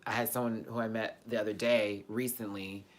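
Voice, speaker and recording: A man hosting a casual live-stream Q&A, talking candidly and swearing freely, with loud animated bursts that drop to soft, quiet asides. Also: lowish voice, moderate pace. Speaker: YouTube host answering viewer questions.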